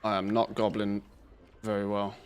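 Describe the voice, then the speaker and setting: A man's voice: on the low side, completely flat delivery, normal speed, faint music behind. A man chatting loosely and joking as he streams a game, swearing now and then. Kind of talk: casual live-stream commentary.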